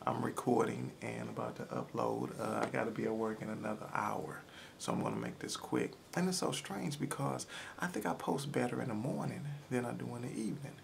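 A man recording a casual morning vlog into his camera, hoarse and chatty, talking straight to his viewers. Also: mid-range voice, big pitch swings, brisk, a little hiss or hum. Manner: chatty, loose, addresses viewers directly. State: hoarse, frog in throat. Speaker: vlogger. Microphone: camera mic, close to camera.

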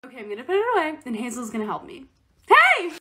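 A young woman chatting through her own vlog, narrating each task step by step in an excitable, casual way. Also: on the high side, racing, breathy edge. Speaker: TikTok creator.

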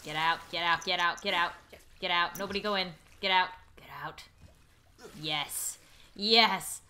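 A woman's voice: lowish voice, steady tone, measured pace, pushed and bright. A woman hosting a let's play video, talking through her game and shrieking at it when things go wrong. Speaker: gaming YouTuber host.

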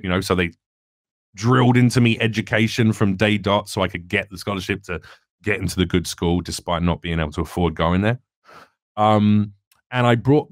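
A man's voice: lowish voice, no room sound, clean studio sound. Earnest man. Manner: earnest, reflective, rambling with restarts. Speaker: comedian guest. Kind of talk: candid podcast conversation.

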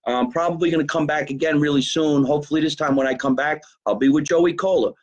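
A man hosting a casual live podcast from a basement, talking in an animated, profane way as he plugs a local deli. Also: on the high side, quick pace, low-quality recording. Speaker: podcast host. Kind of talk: casual live-stream chat.

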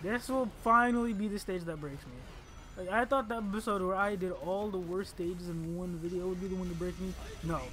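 A man commentating his own game playthrough, exasperated and swearing, muttering to himself between loud outbursts at a desk microphone. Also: high-pitched, fairly quick. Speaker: gaming channel host. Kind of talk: casual let's play commentary. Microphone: desk microphone by a laptop.

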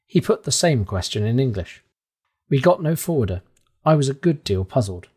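A male audiobook narrator reading a classic adventure story in the first person. He gives the text lively, dramatic expression, and his pitch moves a great deal. His voice has a husky edge. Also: moderate pace.

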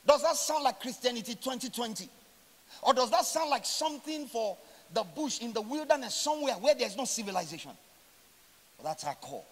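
Man preaching, high voice, long hall reverb, loud-to-soft swings, drawn-out scripture quotes. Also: animated. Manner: preaching with swings from loud emphatic lines to quiet drawn-out endings. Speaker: pastor. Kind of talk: sermon.

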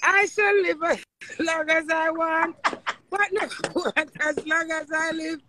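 A woman's voice: very high-pitched, fairly even intonation, slow pace, noisy background. A woman, teasing and laughing in a live-stream argument.

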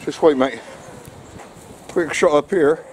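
A man's voice: on the high side, slow. A man chatting casually to his dog while out walking, sometimes out of breath. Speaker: dog walker filming outdoor vlog. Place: outdoors on a windy hill. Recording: wind noise on outdoor camera mic.

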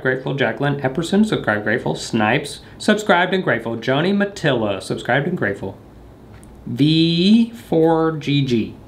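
A man vlogging alone in a room at home, rambling and joking at his own expense as he talks straight to the camera. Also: fairly high pitch. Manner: rambling, jokey, self-mocking. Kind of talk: casual monologue to camera. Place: room in a house.

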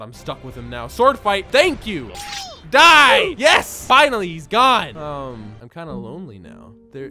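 A man hosting a gaming video, joking through playful commentary with bursts of loud exclamations. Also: high-pitched.

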